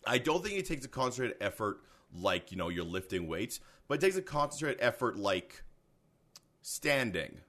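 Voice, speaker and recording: A man's voice: mid-range voice, sing-song, moderate pace, fairly bright tone. A man in casual chat, playful and rambling, often laughing.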